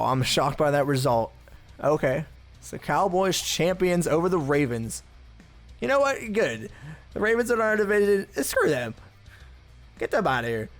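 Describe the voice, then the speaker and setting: A man commentating his own football video game play in a casual, chatty way, thinking aloud with blunt asides. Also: fairly high pitch. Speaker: gaming channel host.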